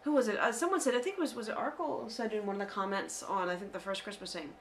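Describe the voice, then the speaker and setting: An American woman co-hosting a casual podcast, chatty and animated, with many fillers. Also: medium pitch, fast, slight background noise. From United States. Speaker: podcast co-host. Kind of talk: casual chat.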